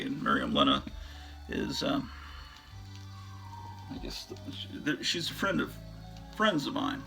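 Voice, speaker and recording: A man's voice: low voice, gravelly, bright, forceful tone. A man hosting a show, chatting casually and enthusiastically about his record collection in a rambling way, often trailing off into fillers.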